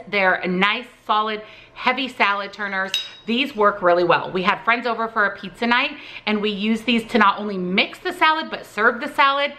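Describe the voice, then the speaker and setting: Upbeat chatty woman with a bright voice. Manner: chatty and upbeat, with lively pitch jumps. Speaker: vlogger. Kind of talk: product favorites vlog. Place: at home.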